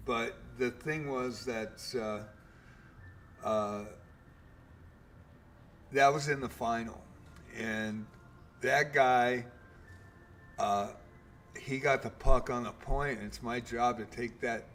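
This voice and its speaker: Slow, rambling man telling a story. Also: medium pitch, fairly bright tone, slight background noise. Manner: rambling, full of fillers and mild swearing. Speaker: game streamer. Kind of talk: casual storytelling.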